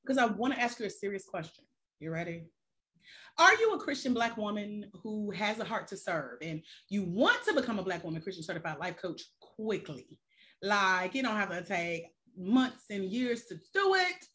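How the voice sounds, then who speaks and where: A woman's voice: mid-range voice, very animated, moderate pace, fairly bright tone. A woman life coach on a live stream who talks straight to her viewers with casual slang and rhetorical questions.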